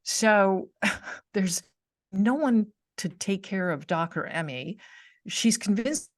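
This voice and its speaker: Over a video call, a middle-aged woman hosting a podcast tells a personal story in casual chat, acting out its characters and laughing often. Her medium-pitched voice is expressive and slow, recorded at studio quality with no room sound.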